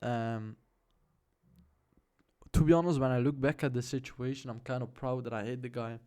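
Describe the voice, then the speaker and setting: A man's voice: mid-range voice, fairly even intonation, normal speed, warm tone, clear, resonant tone. A young man casually telling a personal story to the camera, loose and slangy, with many fillers. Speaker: vlogger.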